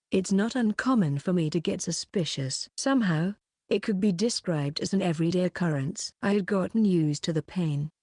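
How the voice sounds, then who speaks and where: A woman narrating an audiobook in a steady, even read. Her voice sits on the low side, and the recording is dry and close, with no room sound. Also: no echo. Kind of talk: scripted narration.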